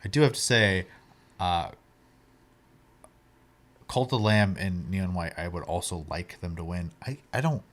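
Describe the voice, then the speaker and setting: A man's voice: deep voice, lively intonation, a little slow, pauses often. A man co-hosting a casual podcast, giving his opinions in an offhand, dry way. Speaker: co-host.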